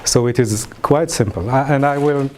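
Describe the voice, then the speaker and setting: A man giving an academic lecture, halting, with many fillers and restarts. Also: mid-range voice, slight background noise.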